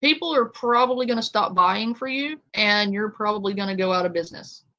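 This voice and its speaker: A woman's voice: mid-range voice, a little fast, pushed and bright, lo-fi sound. Sarcastic woman reacting to a clip. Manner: sarcastic, blunt, swearing. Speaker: reaction streamer. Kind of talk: casual commentary on a clip.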